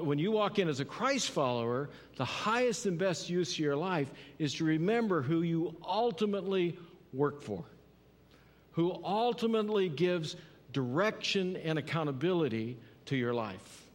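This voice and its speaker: Earnest preacher man in a reverberant hall. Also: on the high side. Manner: earnest, repeats phrases and asks "right?". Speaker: pastor. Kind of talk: sermon.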